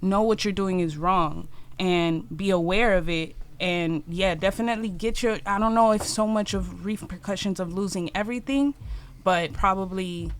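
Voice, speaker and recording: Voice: mid-range voice, normal speed. A podcast co-host sharing earnest, emphatic opinions in casual chat.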